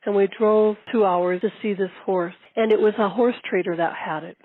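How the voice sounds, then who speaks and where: An older woman telling her story in a documentary interview, lively and repeating phrases for emphasis. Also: medium pitch, moderate pace, no room sound, phone-quality sound. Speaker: long-distance horseback rider.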